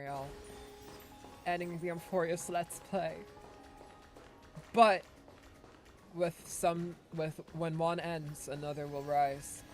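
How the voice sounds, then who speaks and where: A man from Ireland, chatting casually and rambling as he streams a game, swearing and laughing often. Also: a little high. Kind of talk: casual livestream chat.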